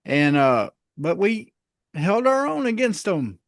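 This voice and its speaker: A man's voice: high voice, very animated, takes it slowly, no echo, clean studio sound. A man co-hosting a casual sports podcast, easygoing, laughing often and hedging his points with "uh". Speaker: podcast co-host.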